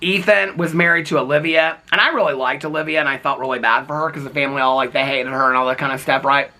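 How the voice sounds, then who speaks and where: A man's voice: mid-range voice, steady tone, fast talker, pushed and bright. A man giving casual, gossipy commentary on reality TV, chatty and sassy, who keeps checking in with "okay?".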